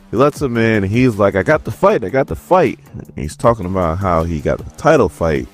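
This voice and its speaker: A man's voice: a bass voice, darkish tone. A man casually recapping a comic book, loose and conversational with lots of hedging. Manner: loose and conversational, hedges often.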